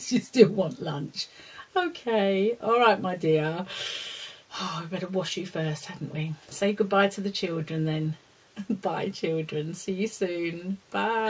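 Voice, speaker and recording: A woman presents a lesson for children in a fairly low, breathy voice, going slowly. She speaks affectionately to a puppet dog and the audience, with laughter and bits of scolding, and the audio quality is low.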